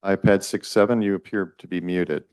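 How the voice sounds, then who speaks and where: A man with a low voice chairs a town council meeting. He is brisk and matter-of-fact, with a wry edge, and the sound is dry and close. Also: fairly even intonation, a little mellow, clean tone, no echo.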